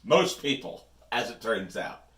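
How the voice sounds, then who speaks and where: A man's voice: mid-range voice, expressive, a little slow, fairly bright tone, roomy sound. A man co-hosting a podcast, chatting casually with wry, rambling asides. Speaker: podcast co-host. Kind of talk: casual chat.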